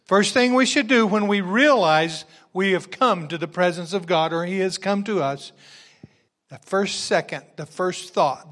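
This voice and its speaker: A man preaching a sermon and reading scripture verse by verse, moving from quiet, chatty asides to loud, exuberant exclamations. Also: high voice, unhurried.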